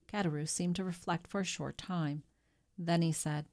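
A woman reads a classic novel aloud in steady, measured audiobook narration. Her voice sits on the low side.

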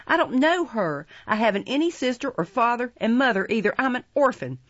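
A woman's voice: medium pitch, very animated, normal speed, darkish tone, breathy edge, no room sound, lo-fi sound. A woman voicing a frightened small orphan boy who pleads that he is being taken by strangers. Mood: panicked. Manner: panicked, pleading.

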